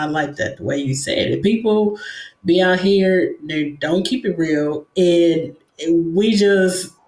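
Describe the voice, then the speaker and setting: A male host chatting in an interview, animated and emphatic, laughing easily. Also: high voice. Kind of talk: casual interview chat. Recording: echoey room.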